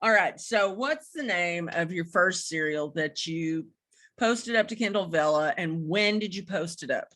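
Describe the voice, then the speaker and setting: A woman's voice: fairly low pitch, animated, a little slow, fairly bright tone. A woman hosting a podcast, asking questions in a frank, playful, casual way. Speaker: podcast host. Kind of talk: casual interview chat.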